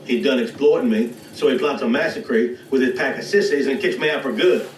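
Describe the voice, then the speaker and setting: Bitter washed-up wrestler, blustering and self-pitying, mid-pitched, roomy distant film sound with faint ambience. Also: male voice, sing-song, slow, creaky, a little hiss or hum, exaggerated voice. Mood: bitter boastful. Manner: blustering, swings into loud outbursts.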